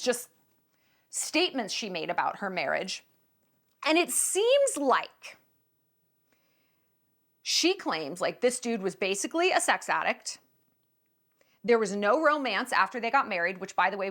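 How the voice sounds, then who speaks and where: A woman's voice: mid-range voice, a bit bright. A woman hosting a vlog, giving sarcastic, mocking commentary with plenty of emphasis. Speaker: vlog host.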